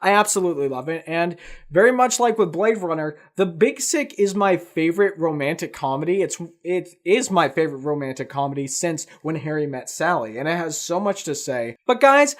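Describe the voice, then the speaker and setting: High-pitched male reviewer, eager and emphatic, casual film chat. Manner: emphatic, enthusiastic, piles up superlatives. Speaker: film reviewer co-hosting a countdown.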